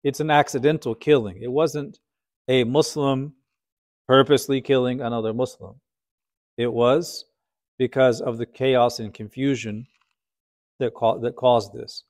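A man's voice: mid-range voice, fairly even intonation, unhurried, long pauses, a little mellow. Man telling an Islamic history lesson. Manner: conversational, asks the listeners rhetorical questions. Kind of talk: storytelling lecture.

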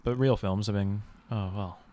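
A man's voice: lowish voice, fairly even intonation, normal speed, dark tone. A man co-hosting a podcast in casual chat, giggly and enthusiastic about films. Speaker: podcast co-host, film site runner.

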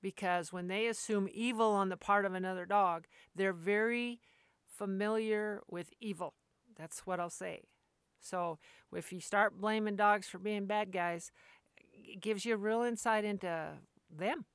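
A woman's voice: medium pitch, measured pace, clean tone, dry recording, clean studio sound. A woman dog trainer talking in a casual, rambling monologue, earnest and full of restarts.

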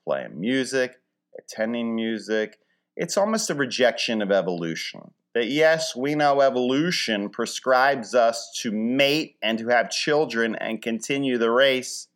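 Philly guy riffing solo, dry wry jokes, rambles, mid-pitched voice. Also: expressive, measured pace, fairly bright tone. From Philadelphia. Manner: wry, rambling, dry humor with mock-grand wording. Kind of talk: casual comedic monologue.

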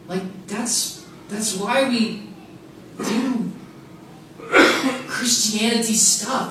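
Emphatic preacher in a very echoey room. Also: male voice, high voice, a bit bright. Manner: emphatic, repeats key phrases, casual asides. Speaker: pastor. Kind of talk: sermon. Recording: very echoey room, mic far off, faint noise.

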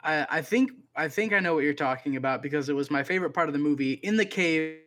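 A young man co-hosting a casual podcast, cracking dry, deadpan jokes. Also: a little high, quick pace. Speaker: podcast co-host.

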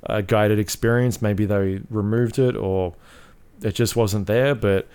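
Rambling, low-voiced male podcast co-host. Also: fairly even intonation, unhurried, darkish tone, smooth. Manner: rambling, filler-heavy, swears freely. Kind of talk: casual chat about video games.

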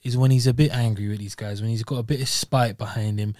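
A man's voice: lowish voice, fairly even intonation, fast talker, darkish tone, dry recording, clean studio sound. A young man co-hosting a sports podcast, emphatic and jokey, repeating his points. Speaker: podcast co-host. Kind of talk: casual sports chat.

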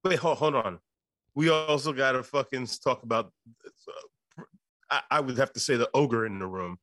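Husky, profane podcast co-host. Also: male voice, medium pitch, normal speed, no room sound, clean studio sound. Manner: profane, animated, acts out scenes in quoted voices. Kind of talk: casual movie review chat.

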